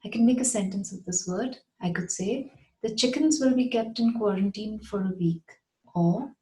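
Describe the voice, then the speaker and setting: A woman teaching English pronunciation, saying each word slowly and carefully and repeating it. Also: mid-range voice, warm tone, low-quality recording. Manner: slow, careful, repeats words clearly. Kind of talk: pronunciation lesson.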